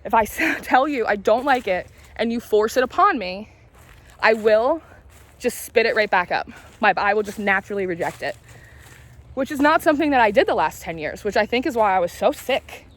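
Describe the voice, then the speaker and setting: On a walk, she tells candid, rambling stories for her casual vlog, confiding and cursing at times. A late-20s tarot reader and spiritual vlogger, she speaks at normal speed in an expressive, fairly bright voice on the high side.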